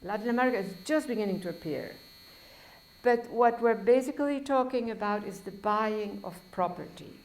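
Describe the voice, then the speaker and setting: A woman's voice: medium pitch, normal speed, darkish tone. Professor with a foreign accent, a woman, lecturing loosely with wry digressions. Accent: foreign accent in English. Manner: discursive, self-correcting, wry asides. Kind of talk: university lecture.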